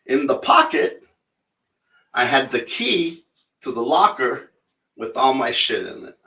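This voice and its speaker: A man co-hosting a podcast and telling an animated, profanity-laced story. His voice has a bright edge. It is recorded a little off-mic in an echoey room. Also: mid-range voice, takes it slowly, far from the mic. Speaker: podcast co-host. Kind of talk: casual storytelling chat.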